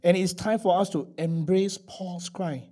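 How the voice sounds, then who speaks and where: A man preaches a sermon from the pulpit. His voice sits high for a man. He swings from loud, stressed declarations down to quiet, hushed asides. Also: moderate pace. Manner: emphatic, rising and dropping between loud declarations and hushed asides. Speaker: pastor.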